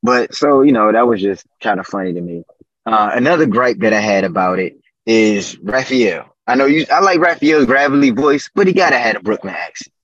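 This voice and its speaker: A man's voice: mid-range voice, lively intonation, fairly quick, fairly bright tone, no echo. A man talking as a podcast guest in a laid-back, slangy way, often asking "you know what I'm saying". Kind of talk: casual fan chat. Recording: dull, dry lo-fi sound.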